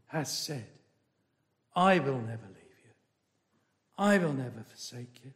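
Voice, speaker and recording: A man with a fairly high, expressive voice preaches at a slow, emphatic pace. He repeats key phrases and shifts from loud declarations to hushed asides.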